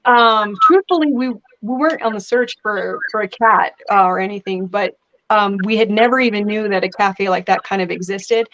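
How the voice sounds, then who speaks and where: A woman guest talking in a casual interview, chatty and lively as she tells stories. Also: medium pitch, normal speed, dull audio, slight background noise. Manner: chatty, animated storytelling with laughs. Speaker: guest actress.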